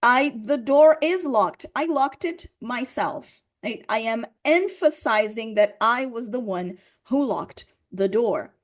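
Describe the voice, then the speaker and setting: Woman teaching grammar, fairly high. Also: lively intonation, takes it slowly, few pauses. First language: Portuguese. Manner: explains patiently, repeats examples, checks with "right?". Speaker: English teacher. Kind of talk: grammar lesson explanation.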